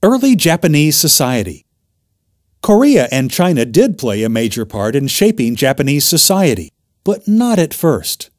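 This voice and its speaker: A man reading a textbook chapter aloud in a clear, measured narration. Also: fairly high pitch, sing-song, darkish tone, dry recording, studio quality.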